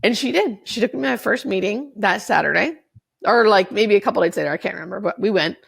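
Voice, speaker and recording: Woman in her 40s, podcast guest, candid storyteller, swears freely, a bit of vocal fry. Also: medium pitch, expressive, quick pace. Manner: candid, swears freely, acts out what others said. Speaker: podcast guest, hospice nurse.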